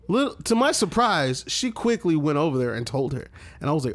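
A man's voice: fairly high pitch, big pitch swings, fast, few pauses. A man in casual chat, chiming in on a story with jokes and laughs.

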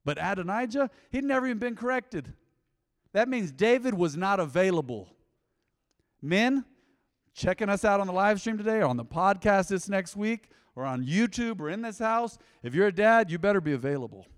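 Middle-aged pastor guy preaching, chatty and animated, higher voice, echoey church hall. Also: normal speed. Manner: animated, conversational preaching with asides to the congregation. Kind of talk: sermon. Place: large church auditorium.

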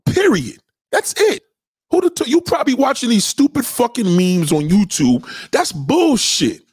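A high-pitched, husky man rants on a podcast. He is loud, preachy and keeps repeating his points, and his pitch jumps all over. The mic is close and dry. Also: huge pitch swings, moderate pace, no echo. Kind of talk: profane ranting commentary.

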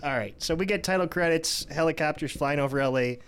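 A man's voice: a little high, fairly quick, fairly bright tone, smooth. A man hosting a movie podcast, steadily walking through the plot scene by scene in casual chat. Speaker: podcast host leading the recap.

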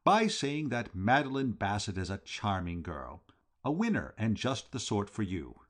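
A man voicing a breezy, talkative young English gentleman with a jaunty, bluff manner. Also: fairly low pitch, big pitch swings, unhurried.

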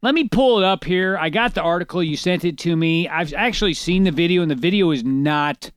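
A man's voice: a little high, a little fast, clean tone, no room sound, clean studio sound. A man co-hosting a casual chat show, joking crudely and reading news stories aloud. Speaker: podcast co-host.

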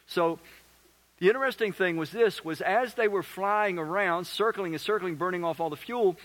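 A man preaching a sermon as pastor, animated, acting out little voices and asking the crowd questions. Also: high-pitched, normal speed.

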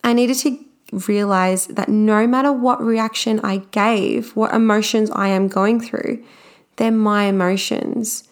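A woman's voice: medium pitch, fairly even intonation, measured pace. Chatty young woman telling a personal story. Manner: chatty and candid, with frequent fillers.

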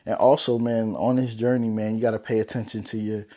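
A young man with a mellow, fairly low voice talks a little fast in a level tone, vlogging a casual motivational talk to camera. Earnest and slangy, he keeps things loose and leans heavily on "man" and "you know."

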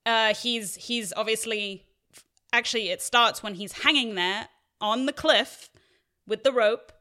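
A woman's voice: fairly high pitch, unhurried, pushed and bright. A woman co-hosting a podcast, talking with enthusiasm and a few hesitations. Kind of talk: casual podcast chat.

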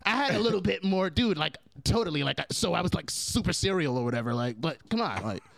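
A man putting on a laid-back surfer dude voice, drawling surfer slang in a low, mellow tone. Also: expressive, quick pace, gravelly, no echo, full character voice. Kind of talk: podcast banter.

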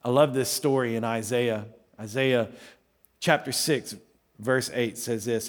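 Conversational pastor preaching a fiery evening sermon. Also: male voice, fairly even intonation, a little slow, long reverb tail. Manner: conversational preaching with rhetorical questions; swings between loud emphatic lines and quiet low asides. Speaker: lead pastor. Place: church service before a congregation.

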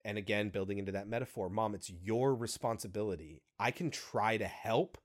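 A man co-hosting a podcast, chatting casually about a film in an animated, profane way with quick asides. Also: on the low side. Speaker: podcast co-host.

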